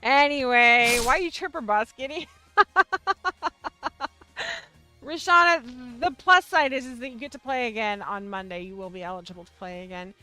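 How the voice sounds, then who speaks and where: A woman hosting a casual livestream, chatting with her viewers in a bubbly, excitable way. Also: a little high, brisk, hardly any pauses, soft background music. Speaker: livestream host of a yarn shop show.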